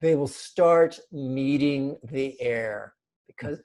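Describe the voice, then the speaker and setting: A man teaching an online meditation class, speaking slowly and deliberately, with a playful manner and frequent laughs. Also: on the high side, mellow. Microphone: video call.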